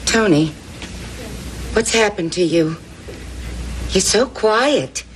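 A woman's voice: medium pitch, takes it slowly, slight background noise. An actress playing an older woman, a pushy, doting neighbor who teases and feeds her guests, in a sitcom. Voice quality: animated, teasing delivery. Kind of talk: sitcom acting.

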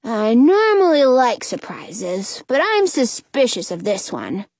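A woman voicing an excitable, cheeky young boy with a squealing, sing-song manner in an audiobook reading. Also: fairly high pitch, takes it slowly, dry recording, full character voice. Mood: suspicious.

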